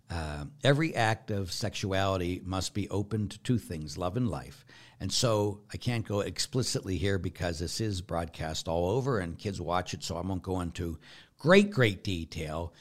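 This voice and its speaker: A man, a Catholic priest, answering viewer questions in a conversational teaching manner, asking himself questions and answering them. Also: low voice. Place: broadcast to viewers.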